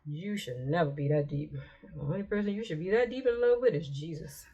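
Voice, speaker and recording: A woman's voice: on the low side, animated, a little fast, warm tone, husky, muffled recording. A woman vlogger giving casual commentary with chatty, exasperated asides as she reads text messages aloud.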